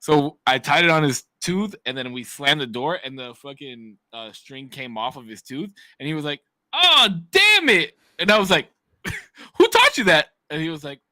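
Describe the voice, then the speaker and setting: A young man co-hosting a podcast in casual chat, excitable and crude, laughing often. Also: medium pitch, fairly quick, hardly any pauses, no echo. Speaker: podcast co-host.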